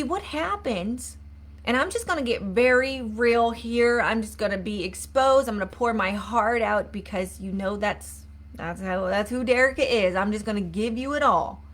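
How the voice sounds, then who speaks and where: Earnest woman coach, slightly high voice. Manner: earnest, repetitive, asks viewers to comment. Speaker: mindset coach. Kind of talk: live-streamed motivational talk.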